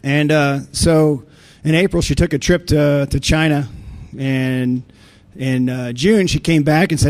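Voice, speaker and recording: A man's voice: a little high, fairly even intonation, a little slow, a little mellow. A man giving a conference talk, telling blunt, folksy stories with many restarts and fillers. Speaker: conference speaker on insider threats.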